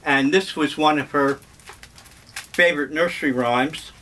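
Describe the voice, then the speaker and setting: An older man vlogging, telling memories in a slow, wry, meandering way. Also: a little high, pushed and bright, a little hiss or hum. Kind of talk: casual reminiscing monologue.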